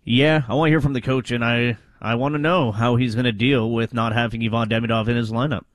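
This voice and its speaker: A man's voice: medium pitch, fairly even intonation, fast talker, no room sound. A man co-hosting a sports radio show who talks hesitantly, with many fillers and restarts. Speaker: radio co-host.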